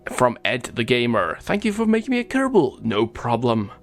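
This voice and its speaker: A man's voice: mid-range voice, a bit bright. A man hosting a gaming channel, chatting casually over gameplay as he reads out viewer comments, often stumbling over names and laughing.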